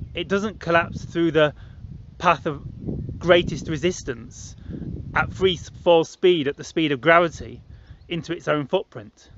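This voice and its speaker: A man in his late thirties tells his own story in a loose, rambling monologue, his voice sitting a little higher than most men's. He repeats himself often and jumps into other people's voices to act out their reactions. The audio is a bit muffled and lo-fi. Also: noisy background. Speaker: vlogger.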